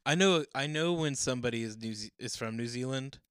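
Bright, crisp-voiced American man chatting. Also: mid-range voice, brisk, dry recording, clean studio sound. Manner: giggly, reads questions aloud. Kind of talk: casual chat.

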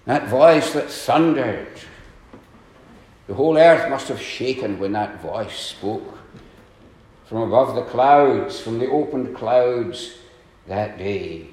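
A male preacher delivers his sermon at a slow, measured pace, leaning into pointed questions and then sinking to a hushed tone. His voice rings through a roomy, echoing church hall. He clears his throat now and then between phrases. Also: animated. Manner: earnest preaching, rising to emphatic questions and dropping low; frequent throat clearing and filler pauses.

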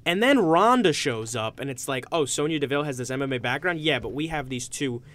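A man's voice: medium pitch, expressive, brisk, fairly bright tone. A young man co-hosting a casual chat, explaining things at length and laughing at his friends. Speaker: podcast co-host.

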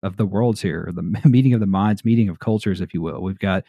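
Southern US man, low dark voice, casual podcast host, dry close mic. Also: fairly quick, breathy edge, no room sound. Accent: American Southern. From American South. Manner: laid-back, chatty, laughs often.

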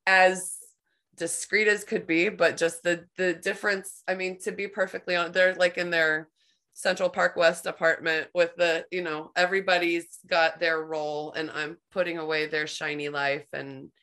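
A woman hosting a podcast, telling a personal story in a rambling, animated way, full of "like". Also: on the low side, moderate pace. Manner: rambling, heavy use of "like", animated retelling. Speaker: podcast host. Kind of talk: conversational storytelling.

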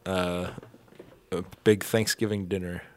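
A man's voice: sits low, little pitch movement, measured pace, clear, resonant tone. A young man co-hosting a casual podcast chat, playful and joking, laughing often. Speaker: podcast co-host.

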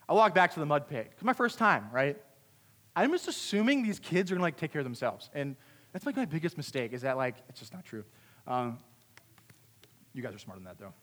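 A young man giving a youth talk, telling a funny story about himself in an animated way. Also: fairly high pitch, fairly quick, long pauses. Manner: animated, self-deprecating storyteller. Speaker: youth camp speaker. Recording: long hall reverb.

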